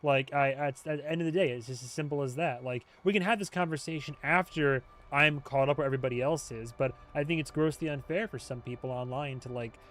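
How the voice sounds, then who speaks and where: A man hosting a casual livestream chat as a TV show reviewer, rambling and joking, quick to laugh. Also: mid-range voice, a bit bright. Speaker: YouTube host, TV show reviewer.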